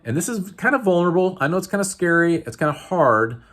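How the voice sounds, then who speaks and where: A man coaching viewers in an unscripted talk, earnest and halting, with many fillers and restarts. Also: sits high, sing-song, fairly bright tone. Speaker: wellness coach. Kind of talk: unscripted teaching to camera.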